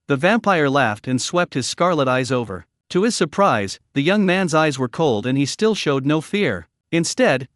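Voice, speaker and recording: A man narrating a fantasy recap story in a steady, scripted way. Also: fairly high pitch, no room sound, studio quality.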